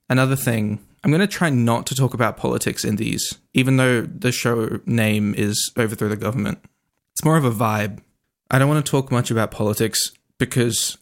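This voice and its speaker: A young man hosting a radio music show, chatting casually and rambling with lots of asides. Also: medium pitch. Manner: rambling, self-interrupting, quips, "like" and "bro" asides.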